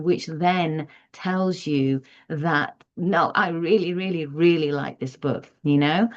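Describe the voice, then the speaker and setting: Slow, measured woman teacher. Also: on the low side, darkish tone. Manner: measured, explanatory, demonstrates reading aloud. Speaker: teacher giving parenting advice. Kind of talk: instructional talk to parents. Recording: dull lo-fi audio.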